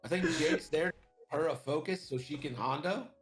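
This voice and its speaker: Higher-voiced male co-commentator. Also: moderate pace, echoey room, soft background music. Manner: reads off list details in a steady rundown. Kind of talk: casual game commentary.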